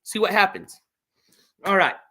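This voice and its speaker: A man's voice: high voice, lively intonation, measured pace, sharp tone, slightly rough. A man hosting a casual livestream chat, laid-back and rambling, swearing now and then. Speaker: streamer.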